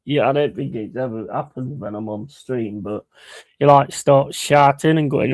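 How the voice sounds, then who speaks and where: A man's voice: medium pitch, moderate pace, a little mellow, no echo. A man chatting casually on a live stream, rambling and swearing between chuckles.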